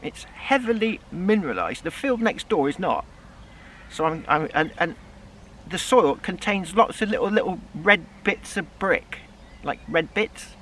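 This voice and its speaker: A man's voice: high-pitched, very animated, measured pace, sharp tone, slight background noise. A man with a West Country accent talking casually outdoors as a metal detecting vlogger, rambling with many restarts. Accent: West Country English. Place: outdoors in a field, then a pub.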